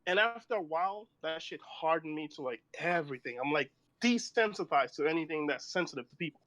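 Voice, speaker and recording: A man's voice: fairly high pitch, expressive, fairly quick, a bit bright, highs cut off. A man in his thirties chatting casually, telling rambling stories and laughing often. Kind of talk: casual chat.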